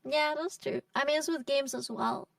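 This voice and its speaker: A woman's voice: high voice, normal speed, creaky, fairly bright tone, no echo, clean studio sound, distant mic. A young woman chatting casually on a co-stream, agreeable and giggly, mostly giving brief replies.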